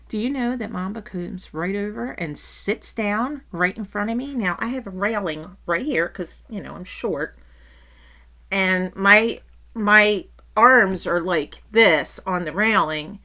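Woman, middle-aged, casual rant, bright tone, lively swings, swears freely. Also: mid-range voice, slow pace. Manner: animated, swears casually, acts out quotes. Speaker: vlogger.

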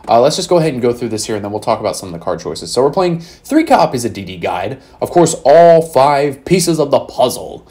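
Animated swearing card-game YouTuber man. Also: medium pitch, brisk, hardly any pauses. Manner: animated, swears freely, swings between loud outbursts and quiet asides. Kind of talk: casual profanity-laced deck profile.

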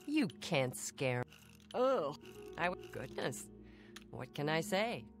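A gruff Nord shopkeeper woman from a fantasy video game, curt and sighing as if serving customers is a chore. Her pitch swings widely, slow and drawn out, with faint game music underneath. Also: very animated, exaggerated voice. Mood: curt, weary.

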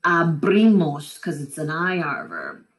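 A woman records a lesson at her computer from home, pausing between each verb. Her pitch rises and falls a lot, sitting slightly low. She drills each form slowly and deliberately. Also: very animated. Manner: slow, deliberate, drills conjugations one by one. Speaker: high school Spanish teacher. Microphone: computer mic while screen recording.

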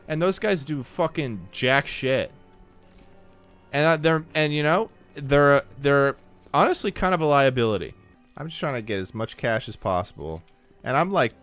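Bright-voiced man streaming a game. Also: a little high. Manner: swears and yells at the game, then grumbles to chat. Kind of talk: casual gameplay commentary.

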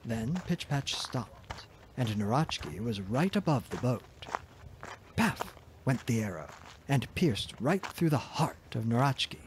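A man narrating a fairy tale in a soft, gentle, expressive reading voice. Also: medium pitch, background noise. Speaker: storyteller.

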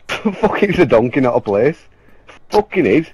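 Swearing gamer. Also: male voice, medium pitch, big pitch swings, measured pace, darkish tone. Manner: swearing, combative, insulting back. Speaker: online game player. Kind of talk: heated in-game voice chat. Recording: dull lo-fi game chat mic.

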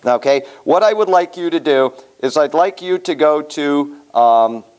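A man's voice: a little high, expressive, unhurried, darkish tone. A man leading a Bible study class in a conversational way, asking the class questions as he teaches. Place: room with a small class.

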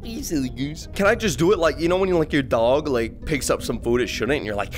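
A young man giving crude, joking commentary while playing a horror video game, often yelping and shouting. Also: medium pitch, animated, fast, few pauses, faint music behind. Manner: loud, crude, yelps and shouts in jumpy bursts. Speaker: gaming YouTuber. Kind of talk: crude comedic let's-play commentary.

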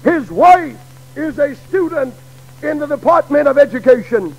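A middle-aged man preaching a sermon in a dramatic way that builds to shouts, on an old radio broadcast. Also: very high-pitched, expressive, measured pace, highs cut off.

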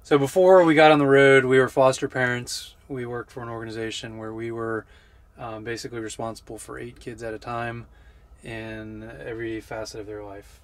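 A man's voice: medium pitch, little pitch movement, normal speed. A man in his thirties hosting a casual travel vlog outdoors, joking and talking straight to the camera. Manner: easygoing, jokey, talks to the camera. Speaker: vlog host. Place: outdoors on city streets.

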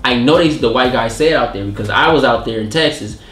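Animated man reviewing a show. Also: medium pitch, quick pace, roomy sound. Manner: animated, acts out scenes with voices. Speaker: show host. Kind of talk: casual review chat.

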